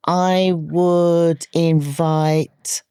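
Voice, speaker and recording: A woman's voice: lowish voice, drawn-out words, smooth, dry recording. Woman, comic actress as guest, playful and laughing, dry studio sound. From London, England. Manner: playful, animated, laughs easily. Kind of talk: casual podcast chat.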